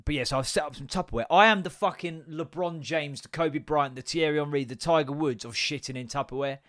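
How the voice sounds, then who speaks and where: A man's voice: fairly high pitch, brisk, fairly bright tone, dry recording, clean studio sound. A man, hosting a casual podcast and rambling, swearing and mocking himself as he talks. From England. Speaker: podcast host. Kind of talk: casual solo podcast rant.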